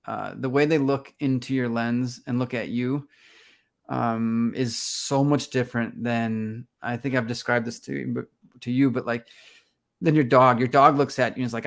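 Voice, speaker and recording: A man's voice: medium pitch, moderate pace, gravelly. A man, a conservation photographer, talking casually as an interview guest and acting out his own reactions while he tells stories. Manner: animated storyteller, acts out his own reactions.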